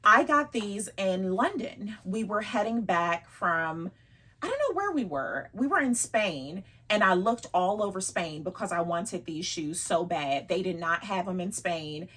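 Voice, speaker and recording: A woman's voice: on the low side, lively intonation, measured pace, fairly bright tone, husky. A woman vlogger chatting casually about her luxury bags, laughing often and teasing herself.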